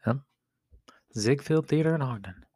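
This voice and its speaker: A man's voice: mid-range voice, lively intonation, moderate pace, a little mellow, slightly rough, no room sound, studio quality. A middle-aged man co-hosting a casual family podcast with his young daughter, playful and joking, laughing often. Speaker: podcast co-host, father.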